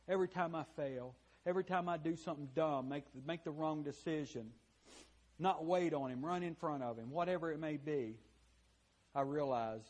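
A fairly high-voiced man preaching a sermon to his congregation. He speaks in a plain, folksy way, rising into loud bursts and dropping to hushed, confessional tones. Words stumble and repeat as he presses each point. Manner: impassioned, swinging from loud to hushed; repeats words and restarts phrases while preaching. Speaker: pastor.

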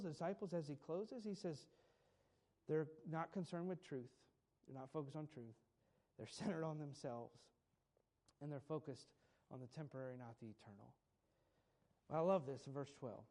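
A man's voice: a little high, normal speed, pauses often, darkish tone. A male preacher delivering a sermon with emphatic, repetitive phrasing and light chuckles.

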